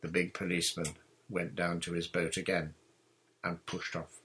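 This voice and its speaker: A man narrating a children's adventure novel in a measured, plain reading style. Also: low-pitched, flat delivery, a bit bright, a little hiss or hum, low-quality recording. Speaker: audiobook narrator. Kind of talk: storybook reading.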